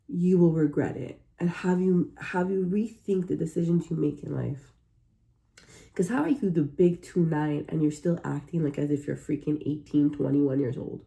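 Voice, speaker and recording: A woman's voice: sits low, moderate pace, gravelly, mellow. A woman hosting a reaction video, talking casually to viewers in an exclamatory, incredulous way.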